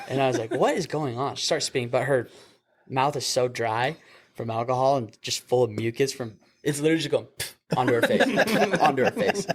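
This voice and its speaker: Young man, paramedic podcast host, casual storytelling, animated, laughs a lot. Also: mid-range voice. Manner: animated, acts out voices in his stories, laughs often. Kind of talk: casual storytelling over beers.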